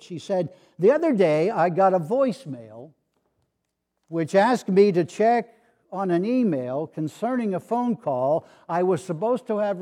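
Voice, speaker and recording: An older man, a retired pastor, preaching a sermon with gently humorous storytelling and voices for the people in his anecdotes. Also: high voice.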